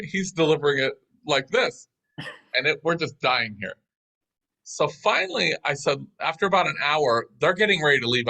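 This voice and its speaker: A man telling a business story as an interview guest, in a lively, anecdotal way. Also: medium pitch, gravelly, low-quality recording.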